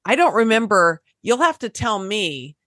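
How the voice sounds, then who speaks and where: A woman's voice: medium pitch, big pitch swings, moderate pace, bright, forceful tone, dry recording, studio quality. A woman hosting a podcast interview, confidently guiding the guest with follow-up questions. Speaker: podcast host. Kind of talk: interview conversation.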